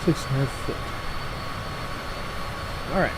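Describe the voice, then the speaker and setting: A man, hosting a gaming channel and telling stories in a folksy, animated way, grumbling and swearing as he plays. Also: drawn-out words, heavy background noise. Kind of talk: casual storytelling while playing.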